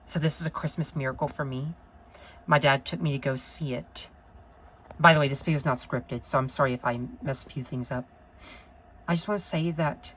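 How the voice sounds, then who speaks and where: A woman's voice: very deep voice, rough recording. A woman talking to camera in an unscripted review vlog, earnest and rambling, gushing with emotion and often apologizing. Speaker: vlogger.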